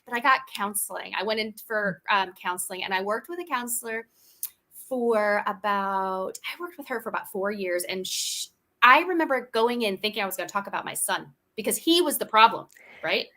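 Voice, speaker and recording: Homeschool mom on a podcast, woman, sharp bright voice, tells it animated w lots of restarts. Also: mid-range voice, fairly quick. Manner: animated storyteller, many restarts. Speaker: guest, homeschool mom and author. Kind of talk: candid storytelling in a podcast interview.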